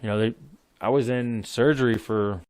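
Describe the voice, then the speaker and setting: A man's voice: mid-range voice, steady tone, moderate pace, darkish tone, dry recording. Male podcast guest, 30s, rambling and profane, dry close sound. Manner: rambling, laughs while telling stories, swears freely. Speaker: podcast guest, military veteran. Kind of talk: casual storytelling.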